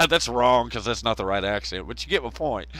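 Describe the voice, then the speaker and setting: A man's voice: mid-range voice, animated, measured pace, bright, forceful tone, rough recording. A man with a Southern American accent, hosting a live stream, chatting casually with lots of swearing, laughter and mocking impressions. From Southern United States. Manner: profane, laughing, mocking, mimics others. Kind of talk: casual rambling chat.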